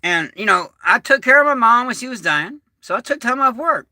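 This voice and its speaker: A man's voice: extremely high pitch, expressive, a little fast, bright, forceful tone, no room sound, clean studio sound. A middle-aged man hosting a casual livestream, folksy and rambling, still recovering from an illness. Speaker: livestream host.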